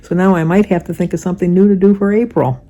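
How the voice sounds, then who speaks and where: A woman in her seventies chatting casually as she films her day, self-deprecating and quick to laugh. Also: lowish voice, fairly even intonation, warm tone, no echo. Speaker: vlogger. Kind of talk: casual chat. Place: in a truck and outdoors. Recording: noisy phone video.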